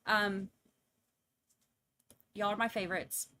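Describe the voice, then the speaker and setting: A woman's voice: medium pitch, steady tone, slow pace, sharp tone. A woman hosting a livestream, chatting casually and rambling as she signs off to her viewers. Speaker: livestream trial commentator. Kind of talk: casual livestream sign-off chat.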